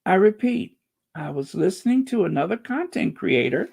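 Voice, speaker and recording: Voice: mid-range voice, sing-song, moderate pace, vocal fry, a little mellow, breathy edge. A channel host giving casual commentary and reading out viewer comments, drawling and sarcastic with playful wordplay asides.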